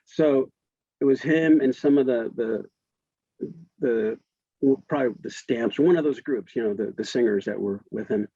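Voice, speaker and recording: A man's voice: medium pitch, measured pace, warm tone, husky, no echo, lo-fi sound. A man in his fifties, a guest in an interview, telling a casual story with frequent restarts and laughs. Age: 50s.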